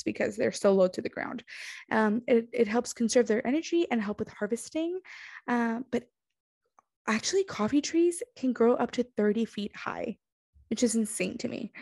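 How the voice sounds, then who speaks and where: Her voice is fairly high yet creaky and darkish as this young woman, sleepy on her couch at home, delivers a casual solo podcast monologue. She leans on fillers and self-deprecating restarts, captured in a dry recording with clean studio sound.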